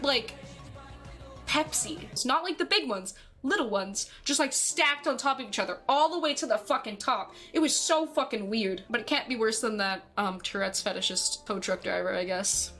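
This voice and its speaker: Young woman streamer, higher voice, animated anecdote delivery, heavy swearing, soft music bed. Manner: animated, swears constantly, acts out quotes. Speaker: streamer telling a story. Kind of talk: casual storytelling to stream chat.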